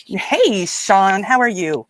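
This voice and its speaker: A woman's voice: mid-range voice, very animated, takes it slowly. A woman hosts a live stream in a loose, rambling way and greets her viewers one by one. Her voice sits in a middle range. The sound is close and dry, with no room echo. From Nova Scotia, Canada. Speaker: livestream host. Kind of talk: casual live-stream chat.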